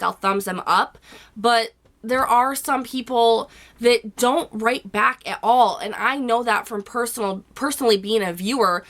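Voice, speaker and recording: Hoarse woman vlogger giving blunt advice. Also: mid-range voice, a bit bright. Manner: blunt, chatty, with frequent "you know" and casual swearing. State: hoarse from a cold. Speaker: YouTube vlogger. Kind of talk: casual advice chat to camera.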